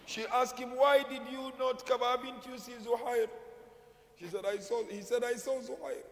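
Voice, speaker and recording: A man's voice: extremely high pitch, fairly even intonation, moderate pace. A man, a sheikh, giving a mournful sermon whose narration rises into chanted, wailing lament. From Kenya. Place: mosque or prayer hall. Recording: echoey hall, long reverb.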